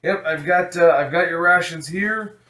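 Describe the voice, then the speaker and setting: A man's voice: fairly high pitch, moderate pace, bright, forceful tone, voice pushed up. A man voicing a friendly, chatty innkeeper who hands out rations. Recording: echoey room.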